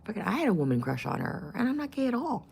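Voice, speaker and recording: A woman's voice: medium pitch, very animated, fast, vocal fry, a little mellow, a little hiss or hum. A middle-aged woman vlogging in casual chat, blunt, profane and opinionated.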